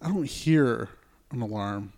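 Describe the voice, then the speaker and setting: A young man telling a story on a casual podcast, swearing freely and slipping into quoted voices. His pitch sits in the middle of the usual male range. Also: animated, measured pace, darkish tone. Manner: profane storyteller, acts out his own quotes. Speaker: podcast co-host. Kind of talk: casual chat.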